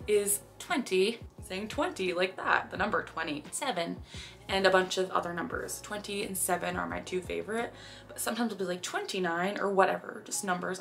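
A woman's voice: medium pitch, vocal fry, fairly bright tone. Chatty young Canadian woman vlogging. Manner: chatty, bursts of sudden blurted phrases. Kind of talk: casual vlog talk to camera.

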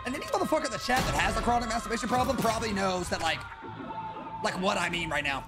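A young man streaming a shooter game, talking brash and profane in hyped slang over loud music and gunfire. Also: sits high, lively intonation, fast. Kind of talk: gaming commentary over gameplay.

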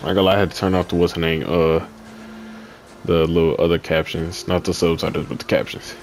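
A man's voice: deep voice, little pitch movement, quick pace, soft background music. A young man giving casual, slangy commentary while playing a video game, talking back to the characters on screen. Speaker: gaming YouTuber.

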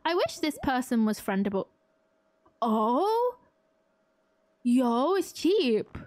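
A woman's voice: high voice, very animated, slow, darkish tone, no room sound. A young woman streaming a farming game, gushing and self-mocking as she chats to her viewers. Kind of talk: excitable live-stream commentary.

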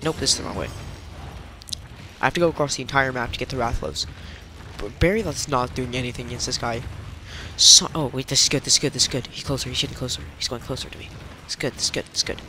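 A man commentating his own gameplay, swinging between muttered complaints and panicked, swearing yells. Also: mid-range voice, quick pace, background noise. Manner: panicky, yelling, swearing outbursts. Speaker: let's play gamer. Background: game music.

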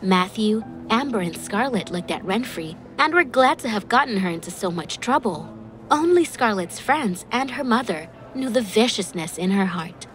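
Expressive female narrator for a melodrama, lively pitch, soft music under. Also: moderate pace. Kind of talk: scripted storybook narration. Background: faint background music.

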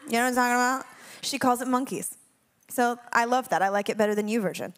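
A young woman leading a spoken prayer and then telling a personal story to a congregation, chatty and candid, laughing often. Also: a little high. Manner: hushed and slow in prayer. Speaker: worship leader speaking to a congregation.

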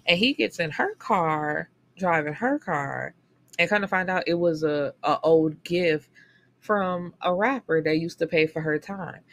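A woman's voice: fairly low pitch, a little slow. A woman hosting a book podcast, casually recapping a story with profanity and acting out characters' lines. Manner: animated storytelling, profane, swings into character quotes.

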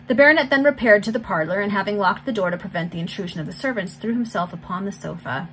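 A woman reading a Victorian novel aloud in a steady, clear, measured voice. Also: mid-range voice, slight background noise, rough recording. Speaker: volunteer reader.

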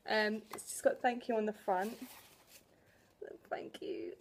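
A woman's voice: mid-range voice, steady tone, normal speed, a little hiss or hum. A woman in her twenties vlogging at home in a chatty, emotional way, laughing and sighing between thoughts. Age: 20s. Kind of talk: casual vlog to camera. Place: at home indoors.

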